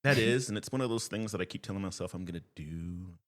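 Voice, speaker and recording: A man's voice: low voice, fast. A man who performs, a podcast guest telling stories in casual chat and acting out the people in them. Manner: animated storyteller, acts out quoted voices.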